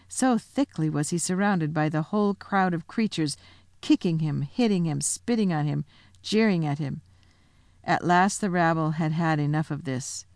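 Brief: female audiobook narrator, slightly low, dramatic storytelling, dry sound. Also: darkish tone, no echo. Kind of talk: storybook reading aloud.

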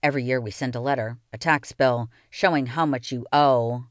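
A woman's voice: rumbling low, steady tone, moderate pace, no echo, studio quality. A woman voicing a stern, curt male tax official from the city in a read-aloud children's novel. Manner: curt, demanding.

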